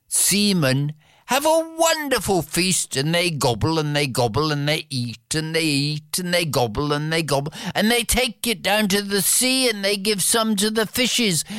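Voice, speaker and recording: A storyteller telling a fairy tale in an animated, expressive way, with playful repetition. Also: medium pitch, smooth, no room sound, studio quality.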